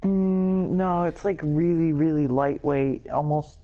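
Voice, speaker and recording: A woman's voice: sits low, slow, phone-quality sound. A woman co-hosting a casual podcast chat, teasing and incredulous, rattling off long lists.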